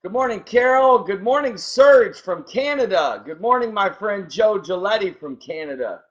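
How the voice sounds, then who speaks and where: A man's voice: high-pitched, lively intonation, moderate pace. A male co-host in casual chat who enthusiastically greets listeners by name. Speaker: podcast co-host. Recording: dull lo-fi sound.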